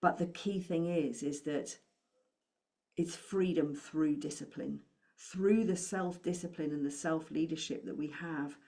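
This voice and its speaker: Британская женщина, коуч по финансам, говорит ободряюще и задаёт слушателю вопросы; голос чуть ниже среднего. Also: female voice, low-pitched, a little slow, warm tone. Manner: encouraging, asks the listener many questions. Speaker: money coach. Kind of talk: motivational talk to camera.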